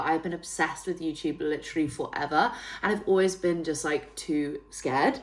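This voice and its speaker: Bubbly northern English woman, lowish voice. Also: normal speed, hardly any pauses. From northern England. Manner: bubbly and chatty, many fillers like "like". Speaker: fitness trainer and YouTuber. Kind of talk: casual vlog talk to camera.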